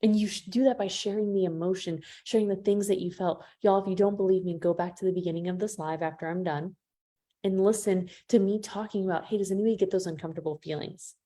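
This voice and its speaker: A business coach with a mellow voice runs a live training, speaking fairly quickly in a steady tone. She warmly calls her listeners "y'all" and performs quoted voices with big swings in pitch.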